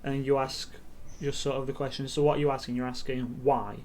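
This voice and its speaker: Hesitant game master narrating loosely. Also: male voice, medium pitch, flat delivery, brisk, darkish tone, slight background noise. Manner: loose, hesitant narration full of ums and "sort of". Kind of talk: narrating a tabletop game on stream.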